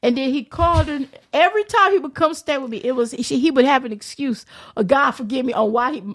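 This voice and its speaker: Young woman cussing and telling a wild story, dry close sound, kinda high voice. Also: quick pace, no echo. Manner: animated, profane, acts out voices. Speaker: podcast guest. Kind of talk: casual storytelling.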